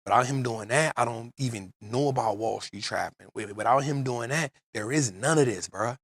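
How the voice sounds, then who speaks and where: A man's voice: mid-range voice, normal speed, fairly bright tone, husky, no echo. A man hosting a podcast, telling an emotional personal story in casual street slang. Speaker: podcast host. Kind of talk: casual chat.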